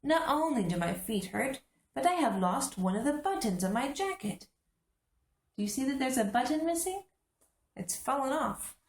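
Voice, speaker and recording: A fussy male toad with a short temper, whining over every little upset, as a woman puts him on. The voice has a gravelly edge and rings in an echoey room, a plain storybook reading. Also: high voice, big pitch swings, moderate pace, voice pushed up. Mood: fretful. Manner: whiny, frets loudly.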